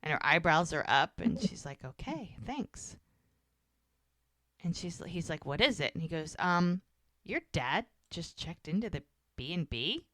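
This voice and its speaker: A woman co-hosting a podcast, chatting casually and retelling scenes with animated acted-out dialogue. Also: sits low, normal speed, no echo, studio quality. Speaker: podcast co-host. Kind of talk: casual chat recapping a TV episode.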